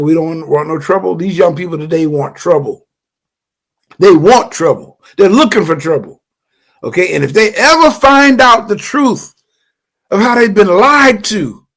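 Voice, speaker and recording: A man's voice: sits high, gravelly, fairly bright tone. An older man giving an impassioned livestream teaching in a fervent, preachy way, often stammering and repeating words.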